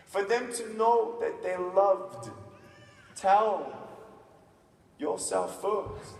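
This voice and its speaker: A motivational speaker in his thirties with an Australian accent, who gives a lively stage speech, acts out scenes and calls on the audience to answer. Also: sits high. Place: large conference hall. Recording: distant, echoey hall recording.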